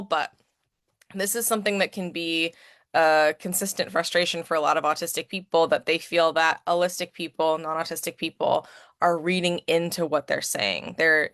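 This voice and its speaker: An advocate and educator gives a conversational slide presentation in a lowish, slightly bright voice, steady in tone and moderate in pace. She often checks in with "right?", and the audio is studio quality with no room sound.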